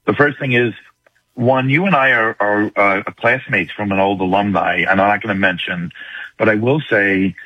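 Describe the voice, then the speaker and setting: Older New York man calling in, husky. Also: on the low side, no echo. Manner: fast and urgent, earnest. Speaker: caller. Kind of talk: call-in radio talk. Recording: muffled phone line.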